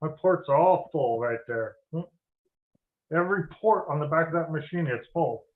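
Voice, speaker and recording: A man chatting casually on a video call through a webcam microphone, relaxed and a little unsure. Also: a little high, normal speed. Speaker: call participant. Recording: tinny phone-like webcam audio.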